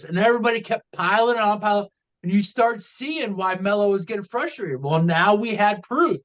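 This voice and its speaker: A man with a high voice talks through wrestling storylines in a loose, casual podcast chat. He rambles, restarting phrases and leaning on fillers as he works out his point. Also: normal speed, a bit bright, rough recording. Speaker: podcast co-host.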